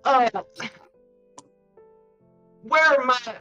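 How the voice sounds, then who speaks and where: A man voicing a flattering adventurer with a put-on Southern drawl, overly gallant and folksy, on a dull lo-fi mic. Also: a little high, unhurried, soft background music.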